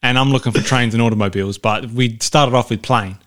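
A man's voice: mid-range voice, fairly even intonation, a little fast, a bit bright. Male podcast co-host, mid-range voice, emphatic and repetitive, casual review banter. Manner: emphatic, repeats phrases for effect. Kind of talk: casual movie review chat.

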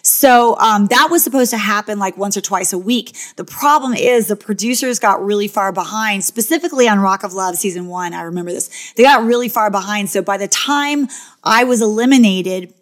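A chatty woman talking through her reality show days at an easy, medium pitch. She rambles casually, leans on "like" and "you know", and slips into quick little acted-out quotes. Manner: acts out quotes in quick bursts. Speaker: former reality show contestant. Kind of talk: casual storytelling.

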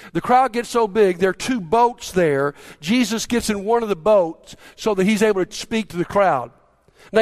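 A middle-aged male pastor preaching a sermon, telling a story in a conversational way with frequent restarts and questions to the congregation. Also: sits high.

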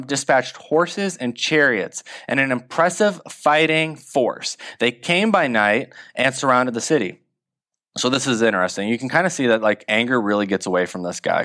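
Animated man preaching a sermon. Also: on the high side. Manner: animated storytelling, acts out quotes. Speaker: pastor.

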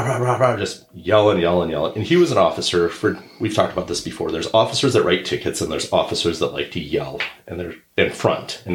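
Deep-voiced man telling a story in a roomy space. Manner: animated anecdote teller who acts out others' yelling. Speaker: podcast co-host. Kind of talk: casual storytelling chat. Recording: roomy echo.

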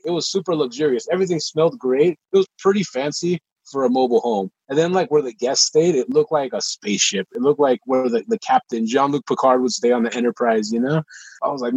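A young man from the United States tells stories in a loose, laid-back way, full of "like" and "dude" as he acts out what people said. His voice has a husky, slightly breathy edge. The recording sounds dry and a little dull. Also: mid-range voice, no echo. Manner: laid-back, animated retelling with quoted dialogue, lots of "like" and "dude". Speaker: chef telling his life story. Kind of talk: casual storytelling.

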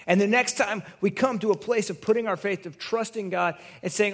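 Husky, conversational male pastor. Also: high voice, normal speed, few pauses. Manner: conversational, restarts often. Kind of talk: sermon.

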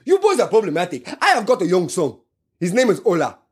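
A man's voice: high voice, huge pitch swings, quick pace, breathy edge, voice pushed up, full character voice. A man voicing a brusque Nigerian taxi driver who lectures his passengers, in a Nigerian pidgin English accent. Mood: scolding. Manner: stern, lecturing, exasperated.

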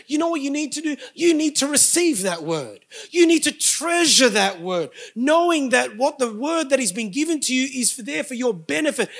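A man's voice: very high voice, gravelly, a bit bright. A man, preaching a sermon as pastor with emphatic bursts and joking asides to the congregation.

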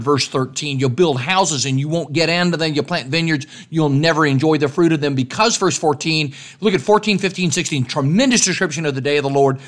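A man's voice: fairly high pitch, fairly quick, hardly any pauses, a bit bright. An older man, a preacher, giving a casual devotional talk on a podcast in a folksy, earnest way, often restarting his sentences.

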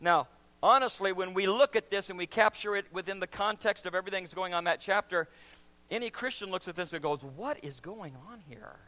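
A pastor delivers a sermon in a strikingly high, bright man's voice. He drops to near-hushed asides, then rises to loud, shouted emphasis. His preaching has a dramatic, sweeping delivery. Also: fast talker. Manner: dramatic swings from quiet to shouting.

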